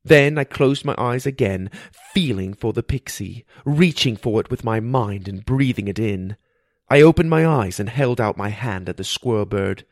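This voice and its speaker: A man narrating a first-person fantasy audiobook in a steady storytelling read. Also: medium pitch, moderate pace, no room sound, clean studio sound.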